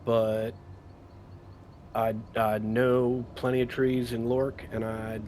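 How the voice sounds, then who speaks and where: A man's voice: medium pitch, little pitch movement, takes it slowly, a little mellow, slight background noise. A man playing a tabletop role-playing game, talking casually and rambling with fillers. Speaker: player.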